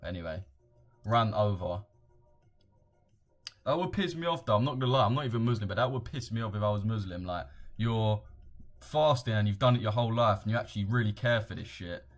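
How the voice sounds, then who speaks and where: Slangy young London man, low voice. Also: a little fast. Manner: slangy, rambling, reads chat aloud. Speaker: trading streamer. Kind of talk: casual live-stream chat.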